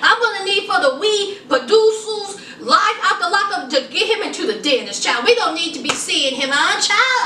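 A woman's voice: extremely high pitch, pushed and bright. A woman giving casual, sassy commentary on a reality show, calling her viewers honey and child. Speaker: reality TV reviewer. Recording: roomy echo, distant from mic.

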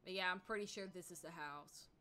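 A woman's voice: on the low side, brisk, pushed and bright, soft background music. A woman streaming to her chat, ranting angrily in casual talk full of fillers.

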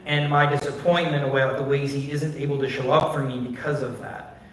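A man's voice: mid-range voice, fairly even intonation, brisk. A man pastor preaching a candid, conversational sermon full of personal stories and filler words, recorded on a phone in a church. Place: church sanctuary. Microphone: phone recording from a distance. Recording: distant, very echoey phone stream of a church.

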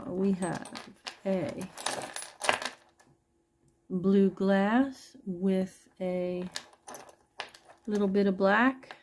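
Speaking very slowly with frequent pauses, a woman with a husky, gravelly voice of medium pitch presents jewelry to her online viewers and prices each item aloud. Her intonation stays fairly even, her tone is darkish, and there's slight background noise behind this chatty live sales session.

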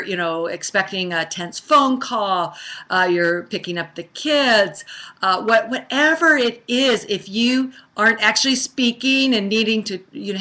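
Middle-aged woman yoga teacher, bright chatty delivery, slows down for affirmations. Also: mid-range voice. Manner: chatty, restarts often, drops to slow soft affirmations. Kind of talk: casual live-stream yoga talk.

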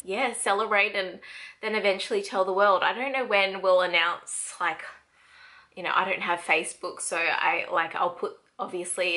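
A woman's voice: medium pitch, sharp tone. A young woman with an Australian accent, chatting casually in a vlog, laughing often and acting out what others said. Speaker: vlogger. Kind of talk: casual chat.

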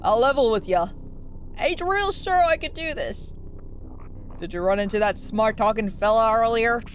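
A woman's voice: on the high side, expressive, normal speed, a little hiss or hum, natural voice. A woman voicing a big, old, humbled male fish who talks in a folksy drawl.

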